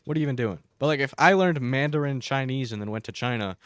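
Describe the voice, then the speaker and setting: A young man rants to camera in a jokey, exaggerated way, his talk full of "like" fillers. His voice sits at an ordinary middle pitch. The recording is dry and close, with no room sound. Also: quick pace, clear, resonant tone, dry recording. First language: English. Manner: exaggerated, sarcastic, filler-heavy with frequent "like". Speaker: YouTuber. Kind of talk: casual comedic rant.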